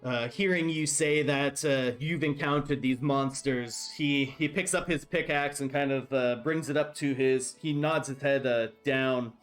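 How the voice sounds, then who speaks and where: A man's voice: mid-range voice, fairly even intonation, a little slow, faint music behind. A man running a tabletop game as game master, describing scenes with many fillers. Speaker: dungeon master.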